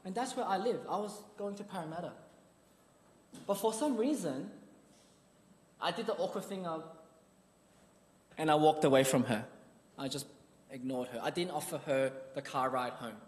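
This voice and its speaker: Man, sermon, earnest storytelling, somewhat high voice, long hall reverb. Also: normal speed, pauses often. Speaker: preacher.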